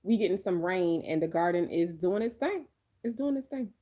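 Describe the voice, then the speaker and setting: A woman with a Southern American accent from Georgia, hosting a casual live-stream chat in an animated, expressive voice. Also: lowish voice, moderate pace. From Georgia, USA. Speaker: vlogger, host.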